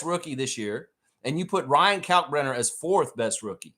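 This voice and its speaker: Profane, animated man hosting a live stream. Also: fairly high pitch, moderate pace. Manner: profane, animated rant reading chat. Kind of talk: casual live stream chat.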